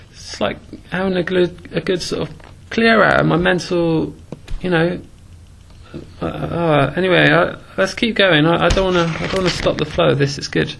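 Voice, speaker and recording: A man raps rhymed dream stories over loud music and muses hesitantly between the verses. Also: high voice, gravelly, noisy background. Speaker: comic rapper. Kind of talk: rapping dream stories in rhyme with chatty asides.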